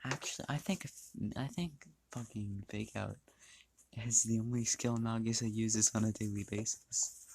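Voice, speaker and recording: A man's voice: lowish voice, steady tone, moderate pace, creaky, a little mellow, breathy edge. A man casually narrating a fan-made story, rambling, restarting lines and swearing freely.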